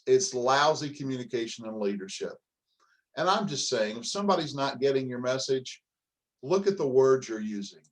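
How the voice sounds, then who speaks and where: A man's voice: medium pitch, animated, moderate pace. A middle-aged man giving a motivational coaching talk on leadership, emphatic and direct, firing off rhetorical questions and calling his listeners folks.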